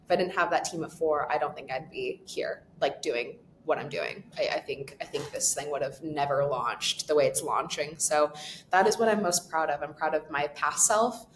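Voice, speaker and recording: Lowish-voiced woman guest on a podcast, super animated and expressive, echoey room sound. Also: normal speed, a little hiss or hum. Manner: animated and expressive, laughs often. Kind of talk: conversational interview answers.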